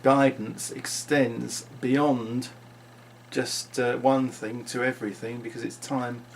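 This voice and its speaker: A man with a gravelly, creaky voice muses through an unscripted vlog monologue. His pitch sits mid-range for a man, and he wanders from thought to thought, often restarting his sentences. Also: level tone, slow, slight background noise. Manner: rambling, musing, with frequent restarts. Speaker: vlogger.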